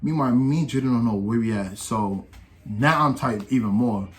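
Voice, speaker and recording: A young man casually telling a personal story to camera in loose slang, getting louder and livelier when he quotes the people in it. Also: mid-range voice, moderate pace, faint music behind. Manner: slangy, animated when quoting others. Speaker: storytime vlogger.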